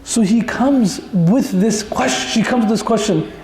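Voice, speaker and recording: High-voiced, conversational male Quran teacher. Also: a little slow, darkish tone. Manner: conversational, joking with the audience. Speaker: Islamic teacher. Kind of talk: Quran lesson with stories. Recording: echoey room.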